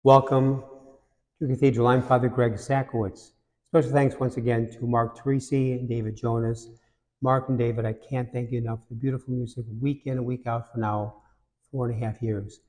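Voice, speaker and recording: A man's voice: mid-range voice, flat delivery, a little fast, a little mellow, big-room sound. A man, a priest and cathedral rector, giving a conversational homily and telling jokes between reflections. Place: large cathedral.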